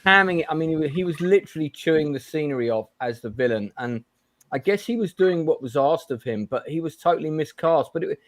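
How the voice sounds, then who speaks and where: A man's voice: on the high side, a little fast, no room sound. Blunt man ranting on a chat show. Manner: blunt, animated ranting with fillers and restarts. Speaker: host. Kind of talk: casual chat.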